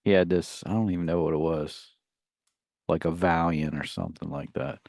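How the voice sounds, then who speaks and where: A man, co-hosting a radio show, tells a rambling, profane story and acts out his yelling relatives. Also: deep voice, steady tone, moderate pace, no echo, clean studio sound. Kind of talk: casual storytelling banter. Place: radio studio.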